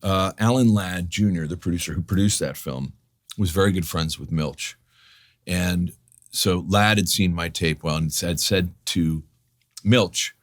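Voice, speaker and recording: Deep-voiced man telling stories, profane and animated. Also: moderate pace. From New York. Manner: animated, profane, restarts a lot, acts out quotes. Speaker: guest actor. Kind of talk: storytelling in a casual interview.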